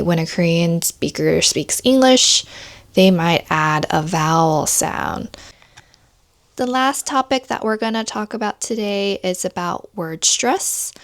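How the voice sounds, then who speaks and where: A young adult woman teaching pronunciation, explaining calmly and methodically and listing examples one by one. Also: fairly low pitch, gravelly, dry recording, studio quality. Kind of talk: instructional explanation.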